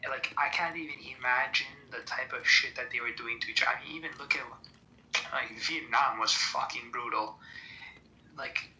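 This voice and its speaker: A man's voice: medium pitch, normal speed, sharp tone. A man ranting in a heated, rambling way with swearing in casual podcast chat, in an echoey room with background noise.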